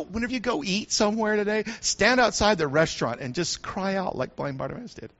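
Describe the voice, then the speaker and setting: A male pastor preaching a sermon in an animated way, building to shouts with joking asides. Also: high voice, fairly quick, few pauses. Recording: dull lo-fi sound.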